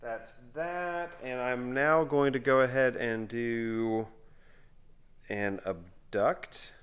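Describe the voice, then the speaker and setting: A middle-aged man at home playing a tabletop game with his son, calling out his moves and counting dice aloud in a quiet mutter. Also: medium pitch, extremely slow, highs cut off. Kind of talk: casual tabletop game play.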